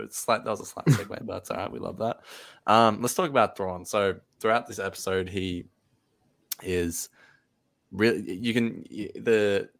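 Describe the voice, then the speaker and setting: A man's voice: low-pitched, gravelly, fairly bright tone. A man co-hosting a podcast in casual chat, rambling and laughing easily. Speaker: podcast co-host.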